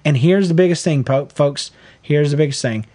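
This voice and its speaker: A man's voice: on the high side, normal speed. A middle-aged man co-hosting a podcast, giving earnest, folksy parenting advice in casual chat. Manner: earnest, folksy, animated when acting out quotes. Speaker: podcast co-host.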